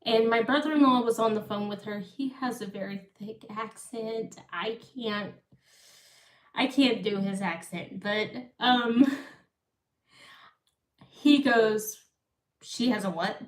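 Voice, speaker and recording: Speaking slowly and pausing often, this thirty-something woman tells a meandering story on a live stream, repeatedly breaking off to restart. Her pitch is fairly high. She sounds distant from the microphone in an echoey room.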